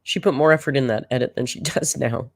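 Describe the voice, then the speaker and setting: An exasperated, sarcastic reaction commentator talking casually over old footage. The voice sits in a middle pitch, and the delivery is loose and conversational. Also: steady tone, quick pace, no echo, studio quality. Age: older than the clip's audience.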